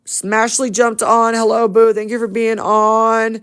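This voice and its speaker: A woman's voice: on the high side, flat delivery, measured pace, fairly bright tone, clear, resonant tone. A woman on a phone livestream, greeting viewers by name in an affectionate, chatty, rambling way. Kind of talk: casual livestream shout-outs.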